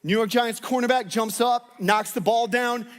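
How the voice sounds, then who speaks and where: Playful preacher guy, high voice, joking around with the crowd, lots of hall reverb. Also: steady tone, moderate pace. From Northwest Arkansas, United States. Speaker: pastor. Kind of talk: sermon. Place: church hall with congregation.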